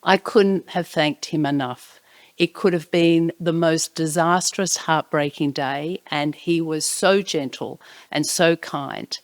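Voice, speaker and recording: A woman narrating a personal anecdote in an expressive way, sometimes dropping to hushed tones. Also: low voice, takes it slowly, dry recording. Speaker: storyteller.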